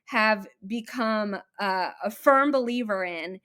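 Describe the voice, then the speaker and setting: A woman's voice: medium pitch, slow pace, fairly bright tone. A woman hosting a podcast, enthusiastically summing up her guest's story in a reflective way. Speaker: podcast host. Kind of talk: conversational interview.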